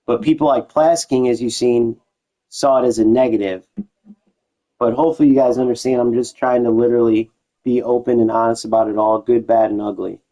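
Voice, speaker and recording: A man's voice: medium pitch, fairly even intonation, a little fast, dark tone, low-quality recording. A young man streaming a football video game, chatting loosely to his live chat, with casual slang and frequent restarts.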